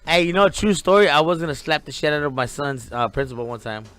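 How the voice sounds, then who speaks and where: A man's voice: fairly high pitch, quick pace, over a noisy crowd. A man in his forties telling profane stories in a casual podcast chat. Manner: profane, animated storyteller. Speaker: podcast co-host.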